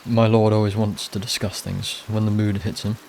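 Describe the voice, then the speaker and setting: Man voicing a courteous game manservant, formal, measured, low gravelly tone, loud rain behind. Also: little pitch movement, a little hiss or hum. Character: formal male servant of a nobleman.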